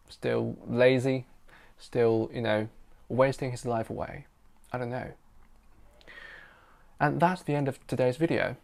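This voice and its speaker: A man's voice: medium pitch, gravelly. A man from China, a native Mandarin speaker, telling a personal story in English in a chatty way, with many fillers like "you know" and "um". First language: Mandarin Chinese. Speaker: interpreter and storyteller. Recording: soft guitar music underneath.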